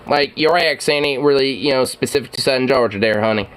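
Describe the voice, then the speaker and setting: A man's voice: mid-range voice, fast talker, fairly bright tone, clean tone. A man hosting a reaction video, rambling casually with swearing, frequent laughs and many fillers.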